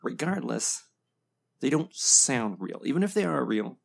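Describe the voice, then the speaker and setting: Male reaction host, mid-pitched with a gravelly edge, blunt and opinionated, casual. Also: very animated, measured pace. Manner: blunt, opinionated, lots of ums and laughs. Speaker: video game reaction host.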